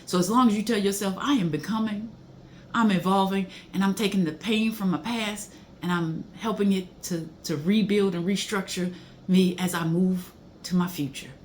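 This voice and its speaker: A woman's voice: medium pitch, normal speed, a little mellow, a little hiss or hum. Emphatic middle-aged woman preaching. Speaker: motivational speaker. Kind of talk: faith-based motivational talk.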